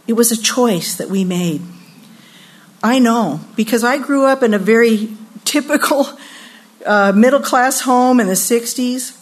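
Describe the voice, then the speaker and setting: An older woman from California giving a sermon-style talk at a women's retreat, telling lively personal stories and acting out the voices she quotes. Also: fairly high pitch. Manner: animated storyteller, acts out quoted voices, laughs often.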